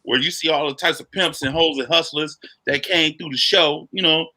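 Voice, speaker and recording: A man's voice: fairly high pitch, fairly even intonation, normal speed, sharp tone. A man co-hosting a podcast, telling stories in a casual chat with lots of animation and "you know what I'm saying". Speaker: podcast co-host.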